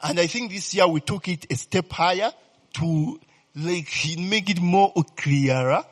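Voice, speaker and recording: A man preaching a sermon in a lively, animated way, often checking in with his listeners by asking if they understand. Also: sits high, measured pace, in a large hall. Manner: animated, repeatedly asks "you understand, eh?".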